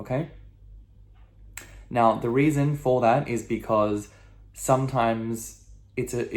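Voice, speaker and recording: A man's voice: medium pitch, fairly even intonation, a little slow, pauses often, darkish tone. English-speaking man teaching a lesson. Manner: patient, explanatory, often checks in with "okay?". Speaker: language teacher. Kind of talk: video lesson.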